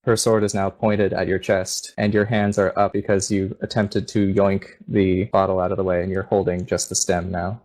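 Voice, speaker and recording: Low-voiced man as game master. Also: moderate pace, hardly any pauses, low-quality recording. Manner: descriptive, steady narration. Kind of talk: narrating a tabletop game.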